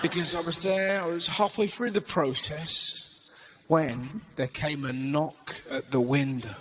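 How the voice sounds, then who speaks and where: A man doing stand-up, telling a story with acted-out voices and shouted punchlines, on a stage mic in front of a laughing audience. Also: on the high side, fairly even intonation, measured pace. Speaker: stand-up comedian. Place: comedy stage before an audience. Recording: live venue with loud audience laughter.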